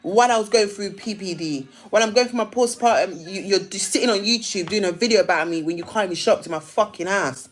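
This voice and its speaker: A live streamer launches into a heated rant, emphatic and repetitive. Her mid-range voice moves at a quick pace with hardly any pauses.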